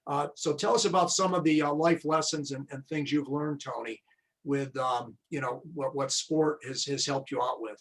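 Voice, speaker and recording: A man's voice: mid-range voice, steady tone, normal speed, rough recording. A man hosting an interview as a coach, chatting in long, rambling anecdotes. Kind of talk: casual interview.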